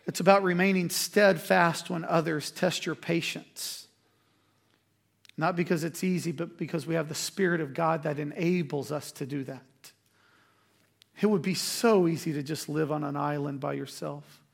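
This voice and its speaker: A man's voice: fairly high pitch, fairly even intonation, moderate pace, gravelly. A man preaching a sermon as a pastor, in a conversational, emphatic way with quoted asides.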